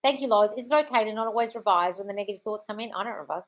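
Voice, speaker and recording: A woman's voice: medium pitch, rapid-fire. Blunt woman on a live q&a, swearing, answering chat, calls people darling. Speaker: manifestation coach. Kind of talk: live-stream Q&A reading chat.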